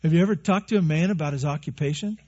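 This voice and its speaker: A pastor preaches in a loose, conversational way, cracking jokes and firing off rhetorical questions at his congregation. His voice sits fairly high for a man and has a husky edge. The recording sounds dull and lo-fi. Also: very fast, mellow. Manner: conversational, joking, asks many rhetorical questions. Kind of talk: sermon.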